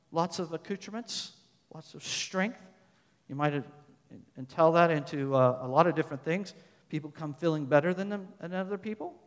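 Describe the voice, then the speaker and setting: A male pastor preaching a sermon, reading verses aloud and pressing his points with emphatic repetition. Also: fairly high pitch. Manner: emphatic, rising to loud stresses then dropping soft; repeats phrases, reads scripture verses aloud. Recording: long hall reverb.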